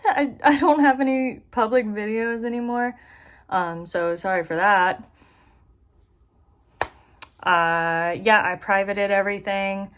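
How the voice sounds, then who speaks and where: A young woman in a bedroom she's moving into vlogs a chatty, giggly, self-deprecating life update to the camera in front of her. Her voice is mid-range, with slight background noise.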